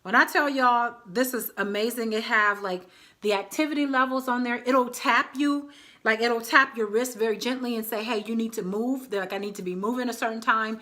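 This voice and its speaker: A woman's voice: fairly high pitch, moderate pace, sharp tone. A woman in her thirties chatting casually to her viewers as a vlogger, often calling them y'all. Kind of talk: casual chat to camera.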